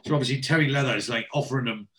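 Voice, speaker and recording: A man's voice: medium pitch, very fast, fairly bright tone. A man hosting a podcast, recapping an episode in a chatty storytelling way. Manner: chatty, storytelling, acts out scenes. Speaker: podcast host.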